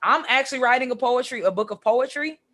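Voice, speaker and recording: Bright, animated woman guest. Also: high voice, quick pace. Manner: animated, says "like" a lot, acts out quotes. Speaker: podcast guest, comic writer and poet. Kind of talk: casual chat.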